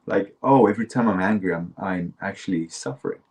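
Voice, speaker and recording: A man's voice: low-pitched, a little fast, a little mellow. A man co-hosting a talk show, chatting candidly about his own experiences and laughing easily. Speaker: podcast co-host. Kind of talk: casual conversational chat.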